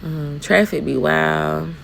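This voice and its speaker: Southern woman trucker, sassy vlog chat, heavy vocal fry, faint road noise in the cab. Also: deep voice, steady tone, takes it slowly, a bit bright, low-quality recording. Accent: Southern US, Alabama. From Alabama, US. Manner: talkative, sassy, addresses viewers as y'all. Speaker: truck driver vlogger. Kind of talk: casual chatty vlog while driving. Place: inside a truck cab while driving.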